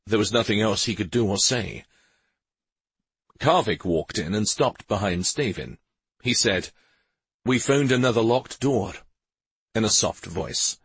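A man narrating a fantasy story as an audiobook in a slow, expressive way. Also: fairly low pitch, gravelly, husky, no echo.

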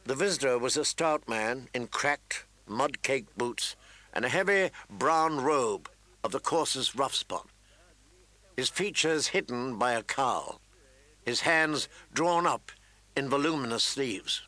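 Bright-voiced man narrating a fantasy audiobook. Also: medium pitch, expressive, takes it slowly, dry recording.

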